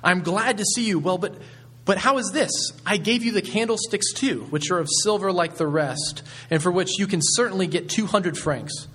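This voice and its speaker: Man reading as a gracious old bishop, solemn and earnest, a touch higher than his own voice. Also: animated, unhurried, a bit bright. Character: gracious elderly male bishop, gentle and solemn.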